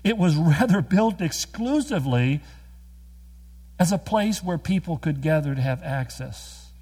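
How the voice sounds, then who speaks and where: A man preaching a sermon, earnest and emphatic, with quick storytelling asides. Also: on the high side, expressive, dark tone, breathy edge. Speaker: pastor.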